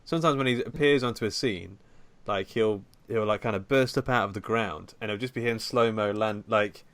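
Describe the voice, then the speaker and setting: A man co-hosting a casual horror podcast, talking in a low-key way that trails off. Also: moderate pace, a bit bright, no room sound. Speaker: podcast co-host. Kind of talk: casual chat.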